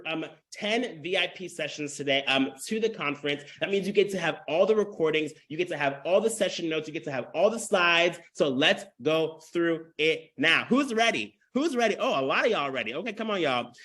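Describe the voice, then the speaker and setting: Young male webinar host, high voice, peppy and chatty with viewers. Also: fairly quick, hardly any pauses. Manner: energetic, hypes the audience with "y'all" and "come on". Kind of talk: lively webinar hosting.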